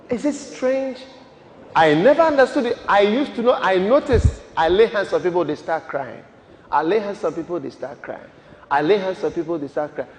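A man pastor preaching a sermon with emphatic, repeated rhetorical questions that rise into shouts. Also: sits high, expressive, normal speed, slight background noise. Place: large church hall. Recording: echoey church hall with long reverb.

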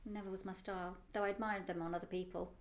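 A woman's voice: mid-range voice, little pitch movement, fast. A woman co-hosting a casual podcast chat, telling stories in a chatty, giggly way. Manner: chatty anecdotal storyteller, giggly. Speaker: co-host.

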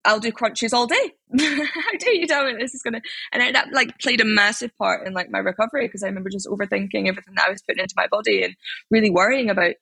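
Fast-talking Scottish woman with a gravelly voice. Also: medium pitch, no room sound. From Scotland. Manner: chatty, animated storytelling with many fillers. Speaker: interviewee, athlete. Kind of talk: casual interview chat.

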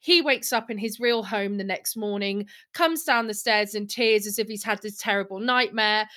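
A woman co-hosting a podcast, telling a story in a casual, animated and rambling way. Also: mid-range voice, normal speed. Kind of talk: casual chat.

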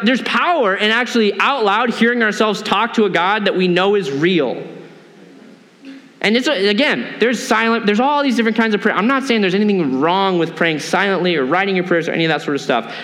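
A pastor preaching a sermon in a conversational, animated way, with acted asides. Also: male voice, high-pitched, long reverb tail.

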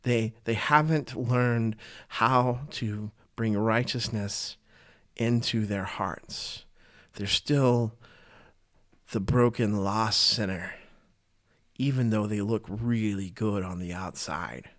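A man with a low-side voice gives a casual, earnest Bible teaching, taking it slowly. He talks conversationally, often repeating and restarting his phrases.

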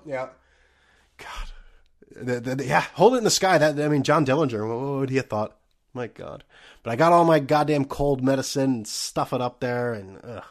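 A young man hosting his own podcast while sick and out of breath, ranting in a profane, sarcastic, rambling way. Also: on the high side. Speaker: podcast host. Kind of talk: solo podcast rant.

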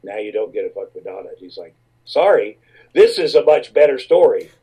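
A man's voice: on the low side, big pitch swings, a little fast, breathy edge, lo-fi sound. A man telling a rambling, profane comic anecdote, often repeating his words as he goes. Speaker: storyteller.

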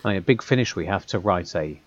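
A man's voice: deep voice, lively intonation, fast, no room sound, lo-fi sound. A man speaking casually on a podcast, articulate and wry, building long flowing sentences. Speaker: podcast co-host, audio drama writer.

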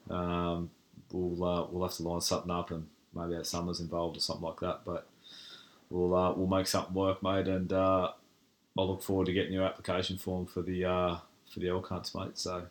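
Laid-back Australian man, very deep voice. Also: completely flat delivery, a little fast. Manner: laid-back, says mate a lot. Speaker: podcast host. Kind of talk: casual podcast chat.

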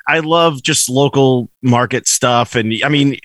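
Young Massachusetts podcast host, jokey and self-deprecating, bright edge, dry close sound. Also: male voice, mid-range voice, no room sound. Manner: jokey, self-mocking, quick to laugh. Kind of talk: casual podcast chat.

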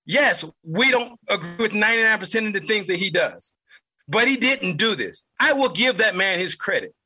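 A man's voice: sits high, very animated, moderate pace, pushed and bright, breathy edge, rough recording. A man hosting a political podcast, delivering an angry, heated monologue and repeating lines for emphasis. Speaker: podcast host.

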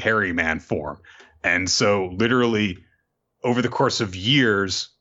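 A man's voice: on the low side, bright, forceful tone, dull audio. A man casually recapping a comic chapter as a podcast host, loose and profane, with many fillers. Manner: loose and profane, fillers, jumps into quick character voices.

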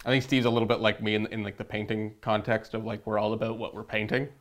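A man's voice: fairly low pitch, level tone, fast talker. A young man co-hosting a casual hobby chat, talking in a rambling, jokey way with frequent restarts. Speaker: co-host.

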